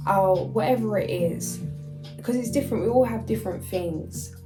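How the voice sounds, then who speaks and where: A woman's voice: medium pitch, moderate pace, music in the background, rough recording. A woman doing a casual spiritual card reading, reading card messages aloud and then chatting loosely with fillers. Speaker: tarot and oracle card reader.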